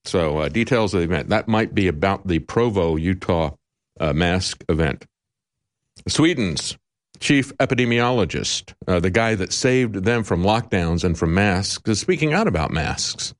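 A male talk show host giving emphatic, indignant commentary with sarcastic asides. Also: lowish voice.

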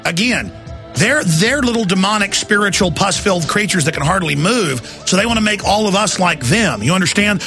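A man hosting a talk radio show, ranting in a mocking, grotesque way and laughing often. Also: high voice. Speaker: radio host taking calls.

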